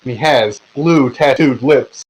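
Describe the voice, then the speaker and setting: A man's voice: mid-range voice, slow, low-quality recording. A man narrating a tabletop game as game master over voice chat, with lots of fillers and restarts. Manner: rambling, filler-heavy narration. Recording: online voice chat.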